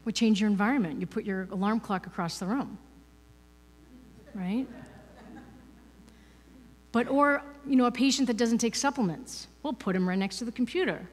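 A woman's voice: a little high, moderate pace, pauses often. A woman giving a conversational, playful spiritual talk as a guest speaker, asking the audience rhetorical questions. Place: church hall. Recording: reverberant hall.

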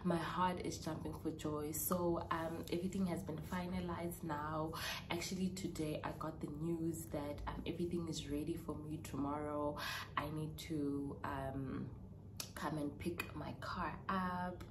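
A young South African woman vlogging in a casual, heartfelt way, chatty and emotional with hesitant pauses. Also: deep voice, steady tone, noisy background. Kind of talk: casual personal vlog. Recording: roomy echo with clear background ambience.

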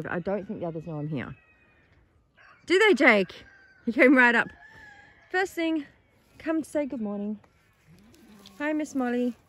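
A woman's voice: on the high side, a bit bright, a little hiss or hum. A woman keeping a farm sanctuary, chatting in a casual morning vlog outdoors and cooing at the animals in baby talk.

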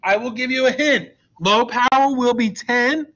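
Brief: upbeat male science teacher, high bright voice, teases students on a video call, lo-fi sound. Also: normal speed. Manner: joking, teasing, coaxing students. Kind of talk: online class with a slide deck.

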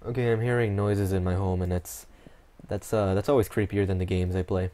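A man's voice: low voice, steady tone, a little fast, warm tone. A man at home giving casual, offhand let's-play commentary, swearing freely. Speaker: game player.

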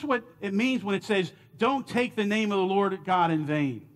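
High-voiced emphatic man teaching Bible class. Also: expressive, normal speed. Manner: earnest, emphatic, asks the class questions, repeats words. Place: church auditorium.

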